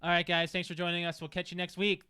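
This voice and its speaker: A man hosting a podcast, upbeat and quick to laugh as he chats and signs off. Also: sits high, monotone, bright, forceful tone, clean tone, no room sound, clean studio sound. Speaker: podcast host. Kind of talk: casual chat.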